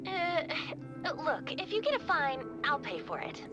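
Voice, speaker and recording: A blunt, conniving young heroine in a game, voiced by a woman. She talks quietly and casually, with a very high voice that leaps up and down. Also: sing-song, a little slow, muffled recording, over loud music. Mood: scheming. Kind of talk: in-character game voice-over.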